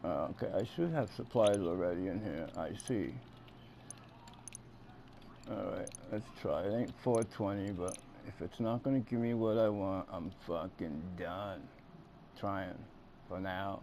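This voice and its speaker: His voice sits low and gravelly, and he's unhurried as he plays. This gaming streamer rambles through a profane, filler-heavy tall tale, loudly acting out scenes for comedy, with game music underneath and a slight hiss or hum.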